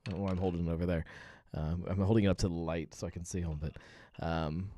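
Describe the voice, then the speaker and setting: A man's voice: low voice, steady tone, fast, dark tone. A man hosting a casual live beer-tasting stream, rambling with many fillers and reading viewer comments aloud. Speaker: livestream host.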